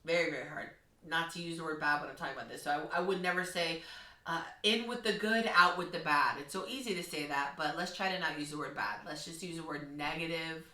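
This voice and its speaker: A woman's voice: sits low, steady tone, fast talker, echoey room, recorded from a distance. A woman who teaches kindergarten, speaking earnestly and encouragingly in a heartfelt vlog. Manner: earnest, encouraging, gently instructive. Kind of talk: heartfelt talking-to-camera vlog.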